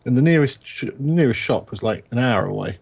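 A man chatting casually on a podcast, telling stories with relaxed deadpan quips. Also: medium pitch, fairly quick, vocal fry, husky. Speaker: podcast co-host. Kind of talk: casual group podcast chat.

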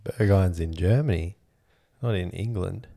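A man's voice: deep voice, unhurried, creaky, warm tone. A man hosting a comedy podcast, dry with mock-upbeat announcing. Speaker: host.

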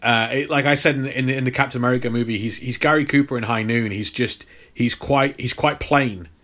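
A man co-hosting a casual film podcast, agreeing and adding thoughts in a measured, slightly halting way. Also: mid-range voice, steady tone, fairly bright tone. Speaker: podcast co-host.

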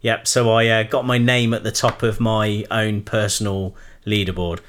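A man's voice: lowish voice, flat delivery, moderate pace, fairly bright tone, a little hiss or hum. A man co-hosting a podcast in casual chat, with dry, teasing humour. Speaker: podcast co-host.

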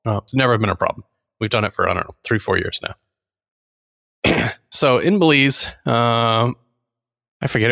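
Middle-aged male podcast co-host, low gravelly voice, lively storyteller who acts out quotes. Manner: animated anecdote teller, acts out quotes. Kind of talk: casual storytelling chat.

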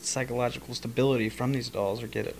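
A man's voice: mid-range voice, steady tone, fast, creaky, very noisy. A man co-hosting a casual podcast, mostly reacting briefly and cracking jokes. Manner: short reactions and joking asides. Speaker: podcast co-host.

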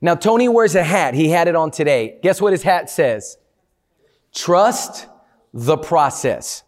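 A man giving a motivational talk to a live audience, energetic and playful, often asking the crowd questions. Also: on the high side, unhurried. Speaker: motivational speaker.

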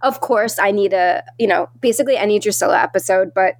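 A woman in a casual podcast chat, speaking calmly and measuredly. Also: mid-range voice, quick pace, no echo.

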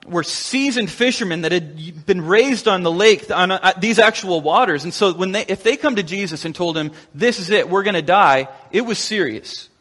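Pastor, male, high voice, lively storyteller who acts out quotes, long reverb of a large hall. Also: normal speed, few pauses. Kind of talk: sermon.

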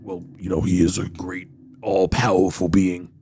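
A man narrating as game master of a tabletop role-playing game, quick to laugh with his players. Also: sits low, little pitch movement, dark tone.

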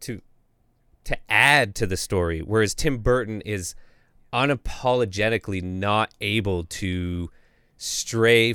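A man on a podcast talks about a director's films, slow and halting, often stopping to find the right word. His voice is low, clear and smooth. The recording is dry and close. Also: a bit bright, no echo. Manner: slow, halting, searching for words. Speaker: podcast co-host, filmmaker. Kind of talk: casual film discussion.

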